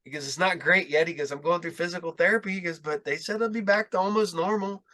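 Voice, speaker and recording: A man's voice: sits high, fast talker, bright, forceful tone. A man hosting a podcast, chatting casually, telling a rambling story in which he acts out quotes and swears now and then. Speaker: podcast host. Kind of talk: casual chat.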